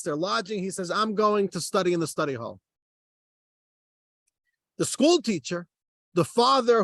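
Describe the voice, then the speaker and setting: Rabbi with a high, animated voice, acting out dialogue in a dry, close recording. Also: male voice, dry recording. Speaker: rabbi teaching a class. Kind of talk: storytelling Torah class.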